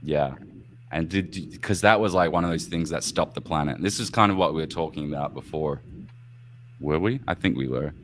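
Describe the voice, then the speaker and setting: A man hosts a casual live-stream podcast. His voice sits very low, and he talks in loose, rambling turns. He laughs and swears freely as he goes. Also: fairly quick, a little hiss or hum. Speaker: podcast host.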